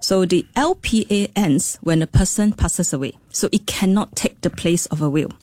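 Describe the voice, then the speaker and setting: A woman's voice: fairly low pitch, normal speed, a little mellow, no echo. A woman, a financial services director, explaining legal and money matters in an interview with frequent ums and okays. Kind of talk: radio interview answers.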